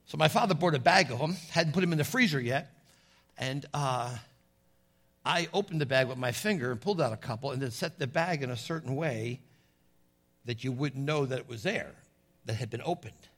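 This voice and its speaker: A man's voice: medium pitch, moderate pace, a bit bright. A middle-aged man preaching a sermon in a folksy storytelling way, calling out to his congregation.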